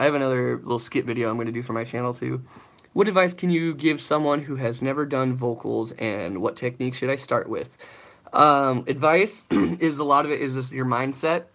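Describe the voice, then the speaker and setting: A man's voice: medium pitch, a bit bright. A young man, a vocalist, chatting loosely and swearing while he answers live chat questions about singing. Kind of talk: casual livestream Q&A.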